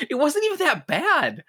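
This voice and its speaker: Lively teasing man on a podcast. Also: extremely high pitch. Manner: teasing, insistent, laughs often. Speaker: podcast co-host. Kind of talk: casual podcast chat.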